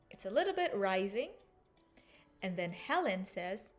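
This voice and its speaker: A woman's voice: mid-range voice, sing-song, slow pace, pauses often, fairly bright tone, soft background music. A woman teaching an English lesson, explaining and repeating phrases to show intonation. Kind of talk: language lesson.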